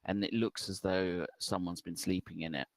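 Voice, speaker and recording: Low, gravelly male GM, laid-back, dry close mic. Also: normal speed, no echo. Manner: relaxed, with frequent ums. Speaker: game master. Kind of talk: narrating a tabletop game.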